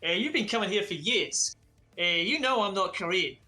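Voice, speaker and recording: A man plays a teasing young worker at a late-night noodle stand, easygoing and friendly. His voice is high and bright. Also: animated, normal speed, heavily acted. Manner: easygoing, playful.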